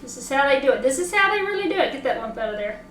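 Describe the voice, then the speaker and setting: A woman with a Southern accent hosting a casual cooking demo, chatting excitedly and talking to herself as she works. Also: sits high, very fast. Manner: chatty, excitable, talks to herself while working. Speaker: cooking show host. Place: home kitchen. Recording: echoey kitchen, mic at a distance.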